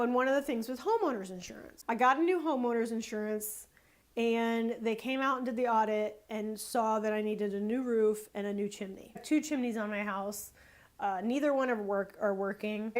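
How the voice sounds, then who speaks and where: Here a woman with a higher voice, a photographer and small business owner, tells a story to make a casual sales point. She's lively and exasperated, hammering her point home through repetition.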